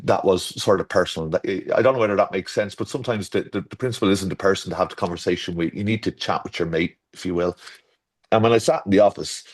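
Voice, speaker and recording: An Irish garden designer with a low voice talks fast as a guest in a casual interview chat. He rambles and corrects himself, slipping storytelling asides into his tales.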